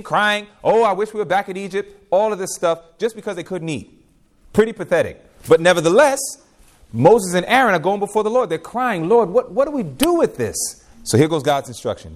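A man preaching a sermon with emphasis, moving between quiet passages and loud rhetorical questions. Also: on the high side.

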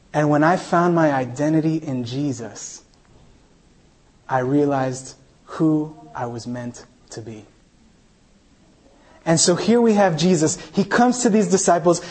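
New guy preaching, telling his own story, does little voices for people, kinda high voice. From New York, United States. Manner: storytelling, animated, acts out quoted voices. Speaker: pastor. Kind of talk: sermon with personal story.

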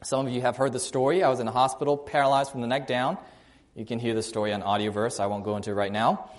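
During a sermon, a man tells a personal story conversationally, varying his loudness and pace to emphasize points. He talks fast in a medium-pitched voice with little pitch movement.

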